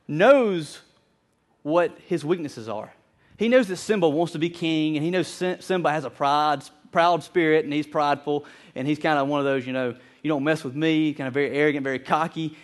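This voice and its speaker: A male pastor delivering a sermon in a somewhat high voice. He is earnest and animated, breaks off into lively asides, and often repeats words as he drives his point home.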